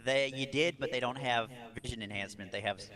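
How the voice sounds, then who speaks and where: A man's voice: medium pitch, fast talker, crowd noise. A man playing a tabletop role-playing game, talking in a dry, matter-of-fact way. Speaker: player. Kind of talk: casual tabletop game play.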